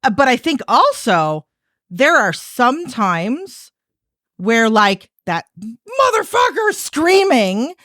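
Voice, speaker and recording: A woman chatting on a podcast with a lively, swooping voice that sits a little high, swearing freely and piling on fillers. Her voice is recorded dry and close. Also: slow, dry recording. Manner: animated, profane, full of fillers. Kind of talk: casual podcast conversation.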